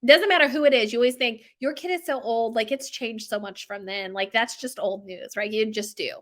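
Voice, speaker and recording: A woman in her thirties telling family stories in a chatty, animated way, acting out quotes and laughing often. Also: fairly high pitch, fairly quick. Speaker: bakery owner telling stories. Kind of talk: casual storytelling monologue.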